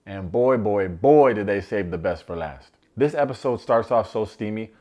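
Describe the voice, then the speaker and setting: A man recapping a reality show in a comedic commentary style, animated and slangy with joking asides. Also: fairly low pitch, normal speed.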